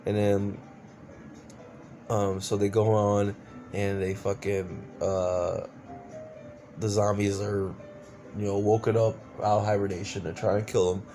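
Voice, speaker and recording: A man's voice: fairly low pitch, level tone, measured pace, long pauses, warm tone, soft background music. A man giving a casual, exasperated movie review, swearing often and stumbling over fillers. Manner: exasperated, profane ranting with many fillers.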